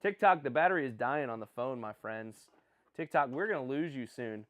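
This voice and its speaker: A young man at medium pitch and moderate pace hosts a live stream about a sports draft. He rambles excitably and keeps correcting himself.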